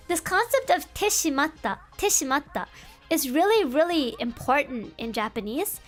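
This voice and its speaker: A woman with a high voice gives a casual streamed language lesson. She talks in a playful, rambling way, piling on fillers and quick asides. Soft music sits faintly behind her. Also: very animated. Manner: playful, chatty, rambling explanations with many fillers. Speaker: VTuber streamer teaching Japanese translation.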